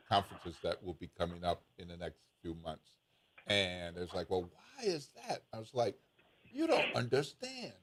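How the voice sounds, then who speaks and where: A man hosting a morning radio show, telling stories with enthusiasm and expressive delivery. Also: sits low. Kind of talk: casual radio interview.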